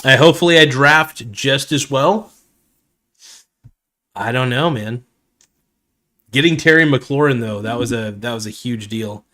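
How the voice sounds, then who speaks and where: A man chats loosely on a live stream, full of "um" and "uh" and friendly asides to his viewers. His voice is a little worn, as if he is starting to lose it. He sits in an everyday middle register, neither high nor low. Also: a little slow, long pauses, sharp tone. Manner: rambling, filler-heavy, calls viewers "man" and "guys". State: slightly losing his voice. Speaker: fantasy football video host. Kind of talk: casual live-stream chat.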